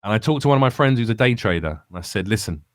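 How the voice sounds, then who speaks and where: An English man with a lowish voice talks candidly on a podcast, thinking aloud and rambling through his points with frequent restarts. The sound is dry and close. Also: expressive, very fast, no room sound. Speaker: comedian guest.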